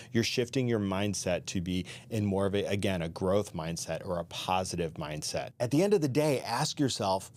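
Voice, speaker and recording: A man's voice: on the low side, moderate pace. A middle-aged man hosting a career advice talk, speaking conversationally with asides and restarts. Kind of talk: solo advice talk to camera.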